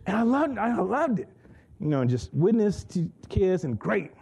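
A man giving an excitable testimony in church, laughing often and repeating his words as he tells the story. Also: high voice, moderate pace, vocal fry, husky.

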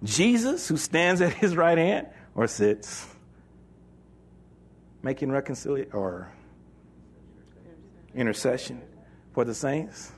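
A male pastor preaching a sermon in an animated, joking way, reading scripture and acting out the voices of doubters. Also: medium pitch.

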